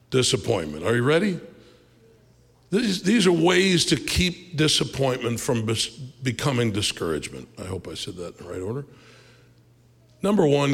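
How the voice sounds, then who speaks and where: A man preaching a sermon as pastor, in a conversational, animated way with asides and quick laughs. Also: mid-range voice, gravelly, breathy edge. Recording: reverberant hall.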